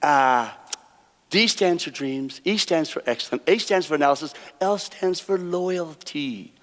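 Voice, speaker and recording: A man with a fairly high voice spins folksy tales while working cards live on a theater stage. He chuckles at his own punchlines, and his words ring out with the long reverb of a big hall. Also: a little slow. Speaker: stage card magician. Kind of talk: live stage storytelling with card tricks. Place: theater stage before an audience.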